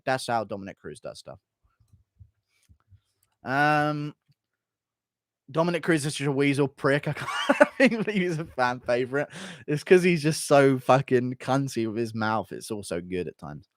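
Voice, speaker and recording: A man's voice: medium pitch, expressive, measured pace, long pauses, no echo, studio quality. Blunt, offhand male commentator. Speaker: online commentator. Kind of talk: casual commentary.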